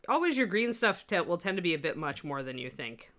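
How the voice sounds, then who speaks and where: Female instructor, low register, rambling friendly asides, faint West Coast accent. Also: big pitch swings, fairly quick, a bit bright. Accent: slight US West Coast. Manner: chatty, rambling asides while working. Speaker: miniature sculpting instructor. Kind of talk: live-stream tutorial chat.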